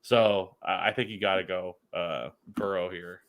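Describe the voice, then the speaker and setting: A man's voice: deep voice, steady tone, unhurried, fairly bright tone. A man co-hosting a fantasy football show in casual chat, rambling with frequent restarts and fillers.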